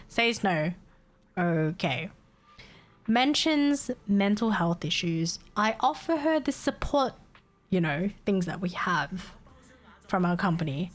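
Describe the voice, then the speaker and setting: A woman's voice: medium pitch, sing-song, moderate pace. A woman streamer telling a story to her chat in a casual way, exasperated, swearing freely and laughing often.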